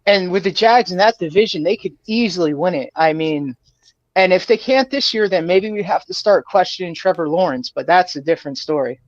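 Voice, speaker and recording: A podcast guest talking casually about football in a measured way, hedging often. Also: mid-range voice, lively intonation, dry recording. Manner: measured, hedging with "you know". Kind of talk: casual sports podcast chat. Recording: dull, dry, muffled sound.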